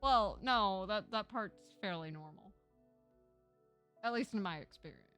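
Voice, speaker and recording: A woman's voice: medium pitch, expressive, a little slow, fairly bright tone, faint music behind. A woman game streamer lisping from a sore tongue, chatting casually and teasingly with viewers and reading game text aloud.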